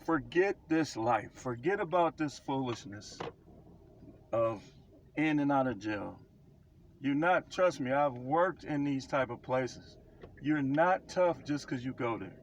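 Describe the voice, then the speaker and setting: A man's voice: medium pitch, animated, takes it slowly, dull audio, a little hiss or hum. A man speaking as a self-described prophet, preaching life advice in a blunt, emphatic way and repeating phrases for stress. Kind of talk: casual preaching monologue to camera.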